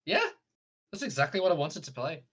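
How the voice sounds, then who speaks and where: A man's voice: fairly high pitch, very animated, brisk, fairly bright tone, slightly rough. A man playing in a tabletop game, chatting casually, laughing easily and answering with short agreements. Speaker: player.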